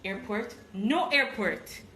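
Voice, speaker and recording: A woman's voice: mid-range voice, expressive, slow, bright, forceful tone, echoey room, slight background noise. A woman voicing an insistent male truck driver who speaks in clipped, broken phrases.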